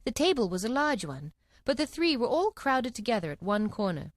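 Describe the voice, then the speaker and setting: Woman, storybook narration, animated pitch, dry sound. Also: fairly quick, dry recording. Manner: expressive, lively read.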